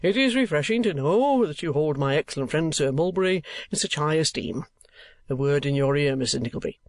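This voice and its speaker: A pompous, oily gentleman, as a man puts him on, flattering and flowery, a little louder and higher than the reader's own voice. Dry, close audiobook sound. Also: fairly quick, no echo. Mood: ingratiating. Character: smooth-talking flattering gentleman.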